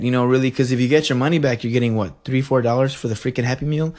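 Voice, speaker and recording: A young man telling a story in a casual rant, animated and rambling, swearing and laughing as he goes. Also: medium pitch, fast talker, few pauses. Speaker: vlogger.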